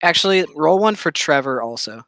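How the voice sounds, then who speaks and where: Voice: mid-range voice, animated, brisk, fairly bright tone, no echo. Game master, tabletop session, easygoing, laughs easily, dry close sound.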